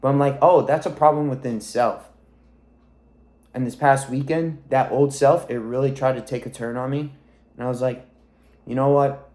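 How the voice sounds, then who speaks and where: A man's voice: medium pitch, fairly even intonation, moderate pace, pauses often, a little mellow. A young man in his twenties talking to camera in a rambling, reflective monologue, swearing freely as a weight-loss coach.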